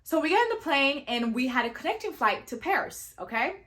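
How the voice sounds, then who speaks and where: A young woman from Sierra Leone telling a travel story in a casual vlog, animated and full of "you know" fillers. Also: high-pitched, brisk. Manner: animated, acts out quoted voices, many fillers like "you know". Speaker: vlogger.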